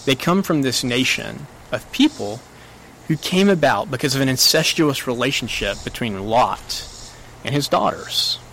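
A man preaching a sermon in an earnest way, his pitch rising when he quotes scripture. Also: animated, a little slow, gravelly, a bit bright, slight background noise, rough recording.

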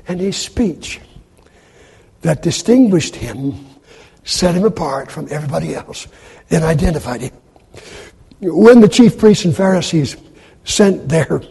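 A man preaching a sermon in a dramatic way, acting out quoted speech in loud, high bursts. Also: creaky, husky. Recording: long hall reverb.

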